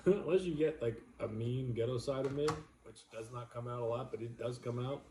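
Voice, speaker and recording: A man's voice: medium pitch, normal speed, mellow. A man from New York co-hosting a casual home livestream, bantering with viewers in a rambling, joking way. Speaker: livestream co-host. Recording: echoey room, faint noise.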